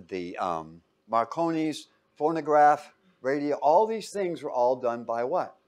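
A man teaching a class in a lecture style, quizzing students with fill-in-the-blank questions and acting out quotes in little voices. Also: fairly high pitch. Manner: animated, acts out quotes in voices.

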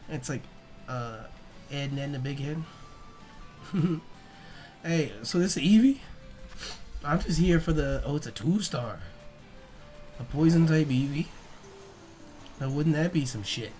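A young man hosting a casual let's play, excitable and profane, talking back to the creatures on screen. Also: on the high side. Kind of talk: casual gameplay commentary.

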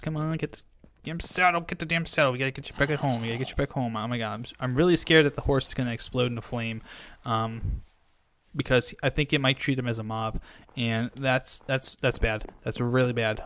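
A young man giving Minecraft let's play commentary, frantic and excitable, rambling fast when thrilled. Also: mid-range voice. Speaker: gaming video host.

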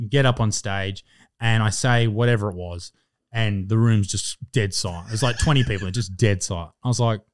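A man's voice: on the low side, moderate pace. A man in his twenties with an Australian accent, a podcast co-host in casual chat who tells stories and swears constantly.

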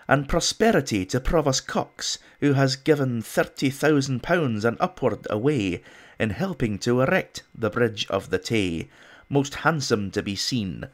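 A man's voice: medium pitch, pitched above the performer's own voice, natural voice. A man putting on a Scottish accent to play a pompous Victorian poet, reciting verse in a grand, sing-song way. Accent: put-on Scottish. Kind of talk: dramatic poetry recital.

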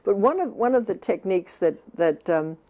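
An older woman from the United States, a therapist and author, answering interview questions in a thoughtful, halting way with many restarts. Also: medium pitch, lively intonation, warm tone.

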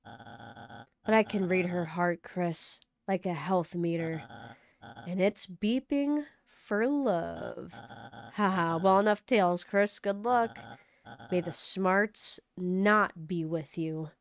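A woman's voice: on the low side, lively intonation, slow, dry recording, clean studio sound. Woman reading as a pompous nerdy bird boy. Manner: pompous, flowery. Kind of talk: reading game dialogue aloud.

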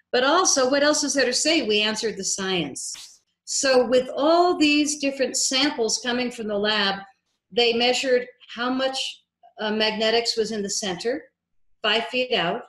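Animated woman telling a story, echoey room. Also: medium pitch. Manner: lively, acts out quoted dialogue. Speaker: filmmaker guest. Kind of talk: interview storytelling.

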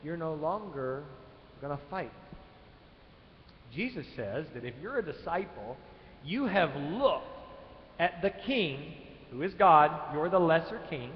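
A man's voice: fairly high pitch, expressive, unhurried, pauses often, slight background noise. Man preaching in an echoey hall. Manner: dynamic, swings from loud emphatic to quiet. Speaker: pastor. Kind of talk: sermon. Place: church sanctuary. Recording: echoey church hall, dull live stream.

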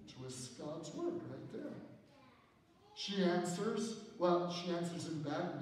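A man with a fairly high voice preaches a sermon in a chatty, storytelling manner and pokes fun at himself. He is picked up from a distance, and his voice rolls around a long, echoing church hall with a faint hiss underneath. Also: expressive, slow, darkish tone. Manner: conversational storytelling with self-deprecating humor. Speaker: pastor. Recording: echoey church hall from far off.

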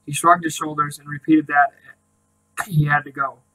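A man reading a novel aloud in quiet, soft-spoken narration. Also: fairly high pitch, level tone, moderate pace, poor audio. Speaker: reader.

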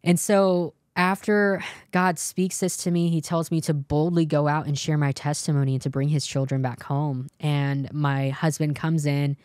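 With a low, slightly mellow voice and flat delivery, a young adult woman from California tells her testimony at normal speed with few pauses. The studio-quality recording is dry. As the interview guest, she's earnest and quotes the dialogue of others in her story.

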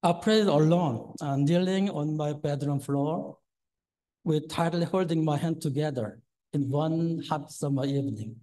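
A man's voice: a little high, a little slow, dark tone, rough recording. A man in his sixties preaching a sermon as a lay preacher, nervous and hesitant with many fillers and a trembling voice. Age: 60s.

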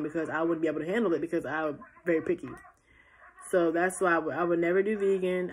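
Sleepy teen girl rambling into her phone, kinda low voice, lots of restarts. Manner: chatty, rambling, many restarts. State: tired and yawning. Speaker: vlogger. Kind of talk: casual Q&A vlog.

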